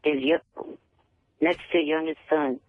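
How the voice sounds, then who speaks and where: A man calling in to a talk show, speaking haltingly and repeating words. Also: on the high side, fairly even intonation, dry recording. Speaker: caller. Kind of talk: phone-in chat. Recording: tinny phone line.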